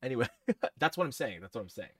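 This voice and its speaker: A young man on a casual podcast, telling a long story among friends in an animated, rambling way and acting out what people said. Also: medium pitch, fast talker, no echo, studio quality. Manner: rambling, animated, acts out quotes. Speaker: podcast co-host.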